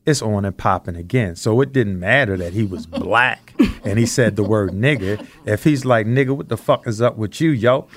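A man co-hosting a podcast, talking in an earnest, reflective way as he slowly builds his points. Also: fairly low pitch. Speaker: podcast co-host. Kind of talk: casual discussion.

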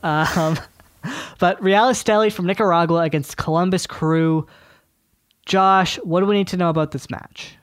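Male podcast host, slightly high voice, dry close sound, emphatic casual chat. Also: steady tone, moderate pace, clean tone, no room sound.

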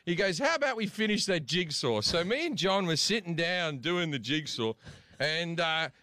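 An Australian man with a fairly high voice tells a story on a podcast, getting animated and laughing as he goes. He restarts his sentences often. The sound is close and dry. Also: moderate pace, no room sound. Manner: animated, laughing, repeats words. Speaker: podcast host. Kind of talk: casual storytelling.

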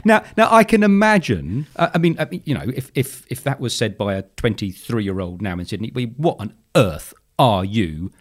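A middle-aged man from England, hosting a casual chat and telling lively anecdotes. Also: mid-range voice, fairly quick, hardly any pauses. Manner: animated storyteller, acts out voices in anecdotes. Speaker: podcast host.

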